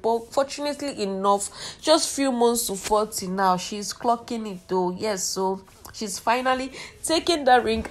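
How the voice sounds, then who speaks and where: A young woman with a Nigerian English accent, hosting a celebrity gossip vlog in a chatty, exclamatory way that talks straight to her viewers. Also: mid-range voice.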